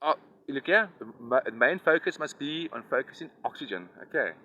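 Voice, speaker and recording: Outdoors by a river, with loud wind noise on a lo-fi recording, a man with a mid-range, expressive voice talks briskly to a child about nature. An environmental activist, he lectures and rambles, constantly checking "right? you understand?"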